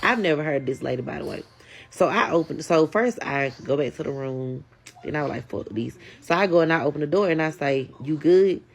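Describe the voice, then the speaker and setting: A woman tells a casual storytime. She is animated and keeps addressing her viewers directly. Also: low-pitched, brisk, vocal fry, husky.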